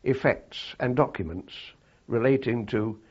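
An older man recalling his wartime service in a halting, reflective way, with frequent fillers and restarts. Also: medium pitch, darkish tone, slightly rough, muffled recording. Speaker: interviewee. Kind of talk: oral history recollection.

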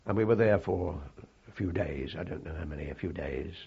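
An older man recalling his wartime service in a halting, reflective way, with frequent fillers and restarts. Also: sits low, vocal fry, breathy edge, muffled recording. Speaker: interviewee. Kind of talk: oral history recollection.

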